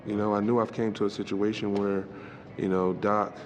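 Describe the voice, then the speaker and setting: Low-voiced man, halting interview talk. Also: flat delivery, soft background music. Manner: halting, full of fillers. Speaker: interview guest. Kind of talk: candid sit-down interview.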